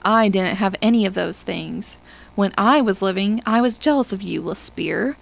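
A woman's voice: mid-range voice, normal speed, gravelly, natural voice, low-quality recording. A woman voicing Hollis, a bitter, envious male spaceman who is dying, with pleading speech that rises to cries.

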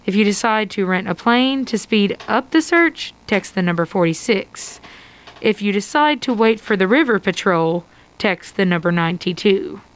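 A woman's voice: medium pitch, moderate pace, rough recording. A woman narrating an interactive adventure story for radio, reading steadily. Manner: steady read-aloud storytelling.

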